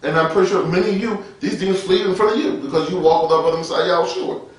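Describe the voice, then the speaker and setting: A man with a high voice preaches a loose, conversational sermon for online radio. He talks street-style, chuckles often and restarts his sentences. He sits back from the mic in a very echoey room. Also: fast, recorded from a distance. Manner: colloquial, street-talking, chuckling, frequent restarts. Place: his office.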